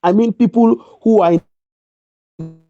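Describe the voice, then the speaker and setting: A man's voice: high voice, measured pace, warm tone, lo-fi sound. A man giving an emphatic motivational talk, repeating his key lines over a video call. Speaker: guest speaker.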